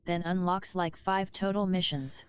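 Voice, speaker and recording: A text-to-speech woman's voice reading out chat messages in a flat, even way. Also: on the low side, moderate pace, clean tone, no echo, dull audio.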